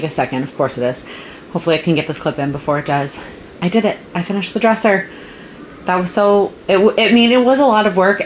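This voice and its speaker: A woman's voice: sits low, a little hiss or hum. A young woman vlogging from home in a casual chatty way, with lots of likes and ums. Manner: chatty, filler-heavy, with frequent likes and ums. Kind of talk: casual chat to camera. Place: at home, indoors.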